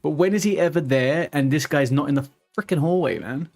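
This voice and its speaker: A man's voice: a little high, a little fast, vocal fry, a little mellow. A man streaming a game live, talking to himself and his viewers as he plays, with frequent swearing. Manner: mutters to himself, swears when frustrated. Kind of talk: live gameplay commentary.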